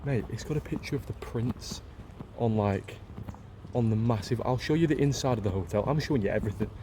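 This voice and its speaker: An excitable man with a Yorkshire accent talks straight into a handheld camera, gushing and repeating himself in a loose travel vlog. His voice sits at an ordinary middle pitch. Faint outdoor noise runs underneath. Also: brisk. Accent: Yorkshire English. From Leeds, England. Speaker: travel vlogger.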